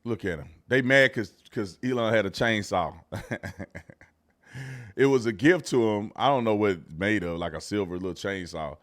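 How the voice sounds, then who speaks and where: Dude ranting over news clips, aave, mocking, goes from mumbling to yelling. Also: male voice, moderate pace. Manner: mocking, animated, swings from low mutters to shouts. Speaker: political commentary host. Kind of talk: casual reaction commentary.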